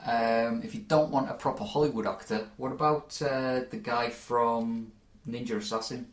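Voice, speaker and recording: A man's voice: mid-range voice, steady tone, normal speed, echoey room. A man co-hosting a podcast, talking in an easygoing, hesitant way full of ums. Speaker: podcast co-host. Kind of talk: casual chat.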